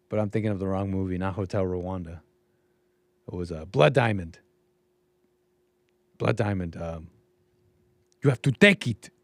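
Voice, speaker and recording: A man's voice: on the low side, darkish tone, dry recording. A man hosting a livestream commentary show, rambling and musing aloud and often trailing off mid-thought. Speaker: show host.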